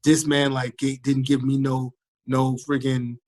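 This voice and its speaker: A man's voice: mid-range voice, measured pace, no room sound. A man in his thirties from Trinidad, a firefighter worn out by illness, telling his story in a casual interview and acting out the voices of others. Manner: animated storyteller, acts out quoted voices. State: fatigued, recovering from illness. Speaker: guest, firefighter recovering from illness. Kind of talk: casual interview over a call.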